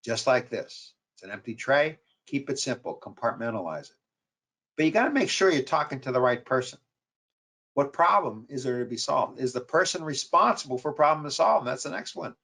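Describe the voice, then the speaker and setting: A man's voice: medium pitch, lively intonation, brisk, creaky, a bit bright. A man with a New York accent giving a webinar lecture on sales calls, repeating key points with emphasis. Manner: repetitive, emphatic coaching delivery. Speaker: marketing professor.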